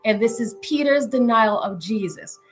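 Woman with a higher voice talking thru a bible passage, laid back, laughs a lot, soft music under it. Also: moderate pace, low-quality recording. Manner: chatty, laughs often, keeps asking "right?". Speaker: podcast host teaching scripture. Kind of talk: informal Bible teaching. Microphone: screen-sharing from a computer.

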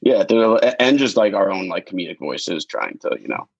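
A man's voice: low-pitched, big pitch swings, normal speed, no echo, highs cut off. A man from Long Island, a comedian guest, talking in a laid-back, dry, self-deprecating way. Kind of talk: casual chat.

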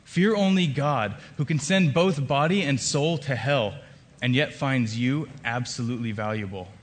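A man putting on a solemn spiritual teacher who warns his followers with emphatic, earnest phrasing. The voice sits at a middle pitch and close to the storyteller's own. A long reverb hangs behind it as in a big hall. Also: normal speed, close to an everyday voice.

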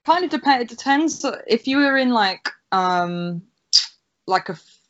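A woman's voice: on the high side, animated, a little slow, fairly bright tone. Chatty woman, lo-fi podcast sound. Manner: explains at length with many "like" fillers. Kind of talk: casual chat. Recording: dull lo-fi sound.

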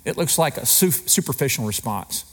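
A man's voice: medium pitch, moderate pace, breathy edge. A man preaching a sermon as pastor, conversational, often asking rhetorical questions. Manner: conversational, asks rhetorical questions, lively emphasis.

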